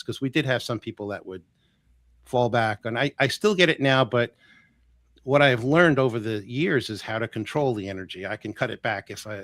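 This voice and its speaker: A man's voice: on the low side, no echo. Chatty man in his sixties. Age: 60s. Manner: chatty and animated, piles up quoted dialogue. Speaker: energy healer guest. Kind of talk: casual storytelling on a live show.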